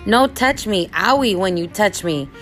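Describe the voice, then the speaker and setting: A woman's voice: medium pitch, animated, unhurried, a bit bright, soft background music. A woman voicing a whiny three-year-old girl in pain, insistent and repeating herself.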